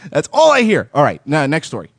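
A man's voice: a little high, fairly bright tone, breathy edge, no room sound. A man hosting a radio show, bantering and joking with his co-hosts, swearing and laughing often.

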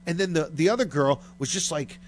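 A man's voice: fairly high pitch, a little fast. A man telling a long, crude story in casual chat, full of fillers and swearing. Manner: rambling and profane, heavy on fillers.

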